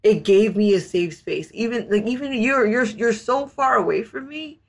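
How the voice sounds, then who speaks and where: A woman speaking as an interview guest, halting and grateful, with many restarts. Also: fairly high pitch, lively intonation, gravelly. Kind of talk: emotional interview conversation.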